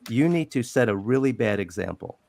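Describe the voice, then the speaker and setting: A middle-aged man retelling an old film story at length on a video call, rambling and animated, acting out quotes. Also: mid-range voice, fairly quick, vocal fry, background noise. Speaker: guest on a live panel. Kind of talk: casual storytelling on a group call.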